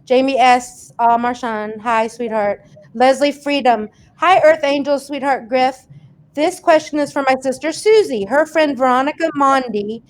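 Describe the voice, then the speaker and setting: A chatty woman with a high voice hosts a casual livestream. She reads viewer comments aloud and answers them in a loose, laughing way. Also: measured pace. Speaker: host reading viewer questions.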